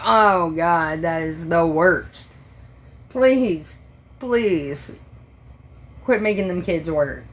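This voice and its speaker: Woman, restaurant server, low-ish voice, profane exasperated livestream rant. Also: takes it slowly, fairly bright tone.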